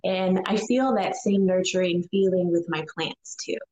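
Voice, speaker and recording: A woman's voice: fairly low pitch, normal speed, darkish tone, echoey room, rough recording. A woman guest on a casual chat show, speaking earnestly and from the heart. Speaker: guest, cannabis grower.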